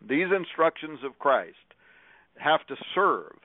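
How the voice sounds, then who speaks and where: A man's voice: fairly high pitch, big pitch swings, slow, dry recording. An older man, a preacher, delivering an emphatic radio monologue to listeners and citing scripture chapter and verse. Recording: tinny phone-like dry sound.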